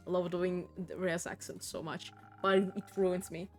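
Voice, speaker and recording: A woman streamer giving casual, excitable commentary while playing through a game, laughing often and swearing freely. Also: on the low side, a little slow, few pauses, faint music behind.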